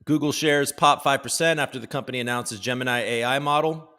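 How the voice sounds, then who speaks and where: A man's voice: medium pitch, fairly quick, sharp tone. A man from the United States hosting a casual live stream from home, joking loosely and greeting chat viewers by name. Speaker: livestream host.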